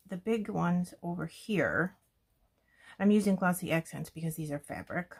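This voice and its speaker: Gravelly low-voiced woman crafting. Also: normal speed. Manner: chatty, thinking aloud while working. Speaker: scrapbooking video host. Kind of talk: casual crafting talk-through.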